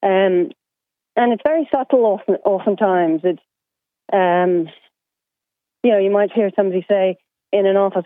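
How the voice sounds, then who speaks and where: A woman's voice: medium pitch, normal speed, long pauses, no room sound. Woman caller on a tinny phone line. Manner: hesitant, searching for words. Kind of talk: radio call-in opinion.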